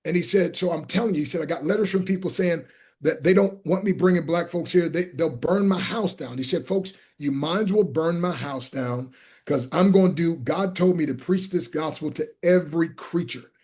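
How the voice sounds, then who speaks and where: A middle-aged American man tells his stories in a fairly high voice and acts out everyone in them. He sometimes breaks into shouts. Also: moderate pace. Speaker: guest speaker. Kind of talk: animated storytelling.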